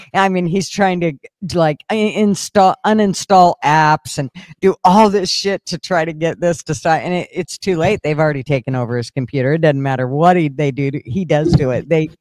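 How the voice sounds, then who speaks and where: A man's voice: a little high, a little mellow, no echo. A man telling stories in a casual group chat, rambling and swearing freely, laughing often. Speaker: host.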